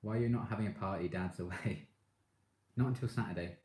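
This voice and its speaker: A deep-voiced man hosts a relaxed live stream, chatting with viewers and getting excitable as a fan. He laughs often between comments. The sound carries a roomy echo. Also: fairly quick. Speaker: live streamer reading chat. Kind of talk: casual live-stream chat.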